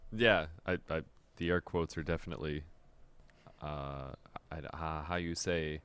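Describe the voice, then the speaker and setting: A man's voice: rumbling low, fairly even intonation, a little slow, fairly bright tone, clear, resonant tone. A man co-hosting a podcast, talking offhand and profane, laughing often. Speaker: podcast co-host. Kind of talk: casual chat.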